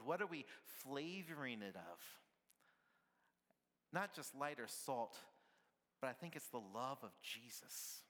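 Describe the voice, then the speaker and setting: A man's voice: mid-range voice, pushed and bright, big-room sound. A man preaching a sermon at church, conversational and playful, often asking the congregation "right?" with little laughs. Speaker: pastor.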